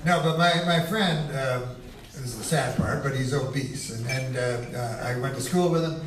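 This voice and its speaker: A man's voice: mid-range voice, moderate pace, background noise. A man doing a stand-up set, telling stories in a rambling, profane way. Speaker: stand-up comedian. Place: comedy club stage. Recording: roomy, distant live club recording with crowd.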